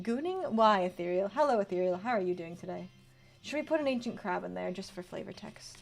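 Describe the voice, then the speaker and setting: This is a woman in her twenties streaming, casually reading card text out loud and answering chat over faint background music. She speaks a little fast in a medium-pitched voice with lively intonation and vocal fry.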